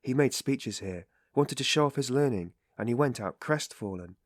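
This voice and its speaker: A man voicing a loud, tipsy and loyal young friend who blusters in a raised voice. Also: medium pitch, lively intonation, normal speed, no room sound, studio quality, pitched above the performer's own voice, lightly acted. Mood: blustering tipsy.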